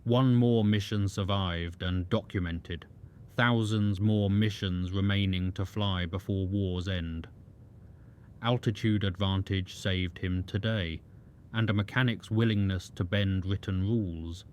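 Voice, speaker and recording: A man giving scripted story narration in a measured, even delivery. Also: deep voice, a little hiss or hum. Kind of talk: scripted documentary-style narration.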